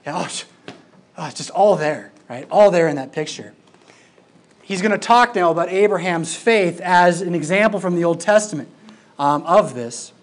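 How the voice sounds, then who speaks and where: A Bible teacher giving a classroom lecture, emphatic and lively, with informal asides. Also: medium pitch, moderate pace. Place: classroom with a projected screen.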